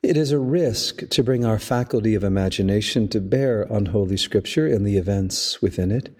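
A man, a priest hosting a podcast, giving a measured, storytelling homily. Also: on the low side, a little mellow. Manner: slow, measured, storytelling delivery. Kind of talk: reflective spoken homily.

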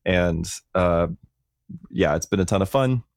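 A man's voice: deep voice, measured pace, creaky, dry recording, studio quality. A man co-hosting a podcast, telling stories in a rambling casual way with many fillers. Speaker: podcast co-host. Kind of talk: casual chat.

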